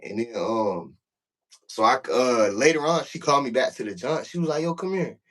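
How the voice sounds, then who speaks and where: A man's voice: mid-range voice, animated, moderate pace, a bit bright. A man telling a prison story in casual, profane talk, acting out the voices in the quotes.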